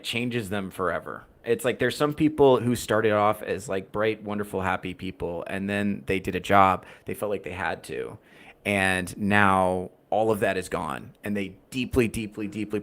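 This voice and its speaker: A man with a somewhat low voice talks loosely to his livestream audience, reading chat as he goes. He rambles, swears freely, and keeps a dry, wry edge. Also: moderate pace, a bit bright. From United States. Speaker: podcast host reading chat.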